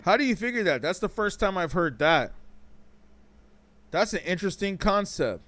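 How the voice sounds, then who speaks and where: A man's voice: sits high, big pitch swings, moderate pace, fairly bright tone, dry recording. A man hosting a casual live-stream talk show, reading chat comments aloud, loose and joking, with slang and lots of repeats.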